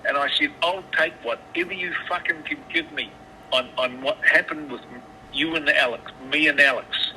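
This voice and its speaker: A man's voice: a little high, normal speed, pushed and bright. A man on a phone call, swearing often and stammering through restarts as he tells his side. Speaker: caller. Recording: phone line with background noise.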